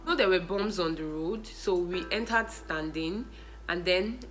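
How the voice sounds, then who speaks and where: A young woman with a Nigerian accent telling funny personal stories in a casual vlog, animated and often laughing. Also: fairly low pitch, a little slow, soft background music, poor audio. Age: young adult. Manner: animated, laughing, mixes in pidgin and Yoruba exclamations. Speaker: vlogger.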